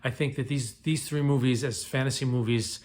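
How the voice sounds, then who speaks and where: A man talks casually to the camera, reviewing films with enthusiasm. He rambles and restarts his sentences, filling the gaps with ums and uhs. His voice sits at an ordinary middle pitch. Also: steady tone, brisk, a little mellow. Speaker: booktube reviewer. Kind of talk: casual spoken film review.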